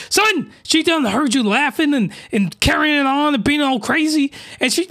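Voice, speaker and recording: A man hosting a podcast, delivering an excitable, slangy, rambling comedic rant full of mockery. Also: extremely high pitch, moderate pace, hardly any pauses, no room sound, clean studio sound. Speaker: podcast host reviewing anime.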